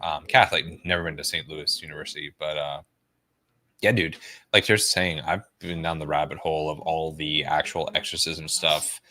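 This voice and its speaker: Deep-voiced bright young man, casual. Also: fairly even intonation, normal speed. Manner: loose, profane, jokey, uses "dog" and "bro". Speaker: watch party co-host. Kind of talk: casual commentary over a film.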